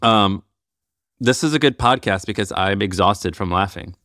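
A man hosting a podcast in a relaxed way, laughing easily. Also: on the low side, normal speed, no room sound, clean studio sound. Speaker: podcast host. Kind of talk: casual podcast chat.

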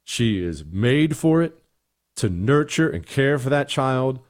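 A man's voice: medium pitch, sing-song, slow. A middle-aged man hosting a talk show, giving emphatic, sarcastic opinions and answering listener emails. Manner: emphatic, sarcastic, repeats points.

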